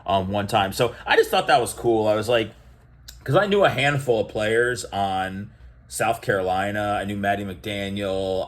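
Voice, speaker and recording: A young man chatting casually to camera about opening sports cards, rambling and storytelling with lots of fillers and restarts, livening up when he retells conversations. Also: fairly low pitch. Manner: animated when retelling exchanges. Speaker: card collecting vlogger.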